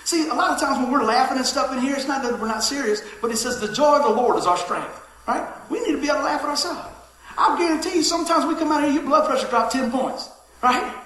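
A middle-aged pastor preaches in a bright, high voice. He tells stories, shifting from loud calls to quiet asides. His sermon rings through a very echoey church hall. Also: fast. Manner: lively storytelling, swings from shouting to hushed asides.

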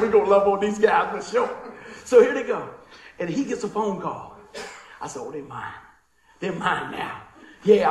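A man delivering a sermon as a loose, animated story. His voice sits high for a man and rings around an echoey room. He talks in a folksy way and chuckles as he goes. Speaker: pastor.

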